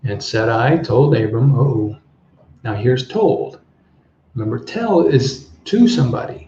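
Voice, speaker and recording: A middle-aged man teaching English through a Bible story, pausing often to explain words and translate them. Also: medium pitch, animated, mellow, slight background noise. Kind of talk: relaxed Bible-based language lesson. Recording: echoey room, slightly dull sound.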